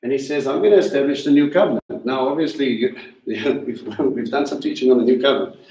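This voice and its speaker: A man leading a Passover Seder teaches in a sermon-like style, animated and questioning, slowing down to stress the key words. His medium-pitched voice comes from a distance in a roomy congregation hall with plenty of echo.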